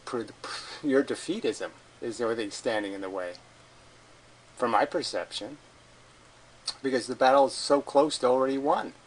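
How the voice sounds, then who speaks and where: A man's voice: medium pitch, low-quality recording. A man giving a combative, sarcastic commentary as a video host, swearing and mocking the people he argues against. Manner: mocks opponents in put-on voices. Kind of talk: ranting commentary.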